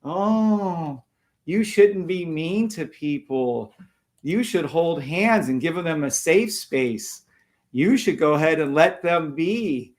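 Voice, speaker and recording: A man's voice: fairly high pitch, animated, takes it slowly, voice pushed up. A man putting on the voice of a prissy, whiny male critic who scolds in a mocking, sing-song way.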